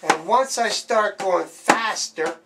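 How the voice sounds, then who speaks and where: Gravelly-voiced man teaching drums. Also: sits high, takes it slowly. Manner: plain, informal explaining with counted beats. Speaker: drum teacher. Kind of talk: demonstrating drum exercises. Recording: loud background noise.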